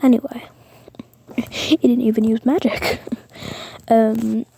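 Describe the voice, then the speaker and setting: A woman's voice: a little high, fairly even intonation, slow pace, vocal fry, dark tone, a little hiss or hum. A woman whispering a rambling fan-fiction story, with many fillers and self-corrections. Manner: mostly whispered.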